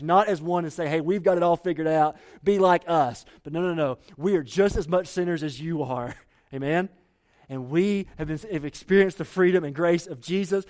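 A male pastor preaching with earnest urgency and a fairly high voice. He restarts and repeats phrases as he presses each point. It is the sound of a live sermon to a congregation. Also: a little mellow.

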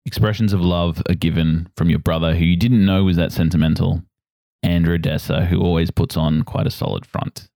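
Deep-voiced male game master. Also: a little fast, creaky, dry recording, clean studio sound. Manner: relaxed, descriptive narration. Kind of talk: narrating a tabletop game.

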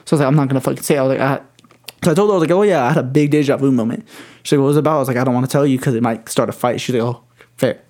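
A man's voice: mid-range voice, rapid-fire, a little mellow. A young man in his twenties telling a rambling, swear-heavy story in casual chat.

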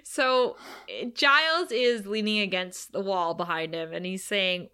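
A woman co-hosting a casual chat, retelling a TV episode with animated energy and dropping her voice to quote characters. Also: medium pitch, a little slow, clear, resonant tone. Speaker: podcast co-host recapping a TV episode.

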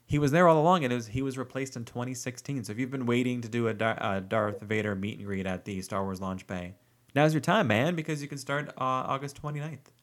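A man's voice: medium pitch, quick pace. A man co-hosting a casual podcast, sharing park news with eager enthusiasm and frequent ums. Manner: enthusiastic, hesitant with ums and restarts. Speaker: podcast co-host.

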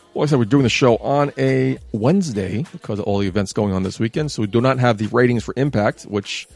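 A man in his thirties hosting a casual talk show, chatty and sarcastic with lively asides. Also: medium pitch. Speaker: podcast host.

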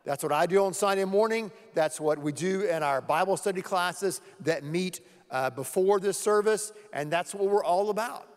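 A man's voice: sits high, normal speed, hardly any pauses. A man preaching a sermon to his church as pastor, earnestly repeating key words for emphasis. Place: church sanctuary. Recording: long hall reverb.

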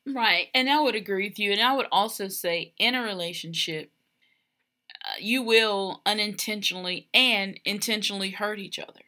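A woman co-hosting a podcast with her husband, telling stories expressively and laughing easily. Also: medium pitch. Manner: warm, laughing, expressive storyteller. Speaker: podcast co-host. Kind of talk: casual chat about marriage.

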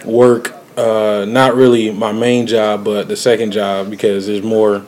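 A man's voice: on the low side, little pitch movement, unhurried, darkish tone. Blunt, profane man. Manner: blunt, profane, laughs mid-sentence. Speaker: podcast co-host. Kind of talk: casual chat.

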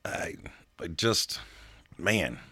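A man's voice: deep voice, big pitch swings, very slow, bright, forceful tone, husky, dry recording, in a whisper, clean studio sound. A man in casual political chat, rambling and emphatic, swearing freely.

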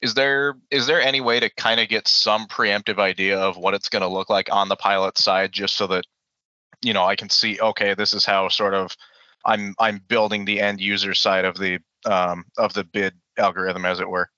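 Polite, hesitant man with a bright voice. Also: on the low side, flat delivery, moderate pace, no echo. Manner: polite, apologetic, hesitant with ums. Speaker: pilot asking a question. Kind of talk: meeting Q&A. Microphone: video call. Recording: dull dry video call audio.

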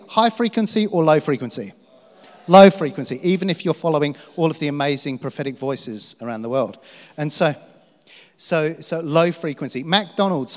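Man preaching in a reverberant hall. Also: a little high. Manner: storytelling, self-mocking and laughing. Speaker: pastor. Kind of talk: sermon.

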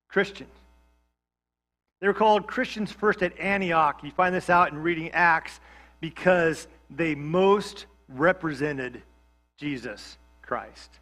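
Bright, high-voiced male pastor preaching. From Georgia, USA. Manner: conversational, humorous asides. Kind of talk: sermon.

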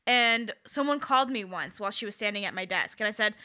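A woman's voice: medium pitch, animated, quick pace, sharp tone. A woman in her thirties co-hosting a podcast, talking in a candid, wry and self-deprecating way. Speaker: podcast co-host. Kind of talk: casual chat.

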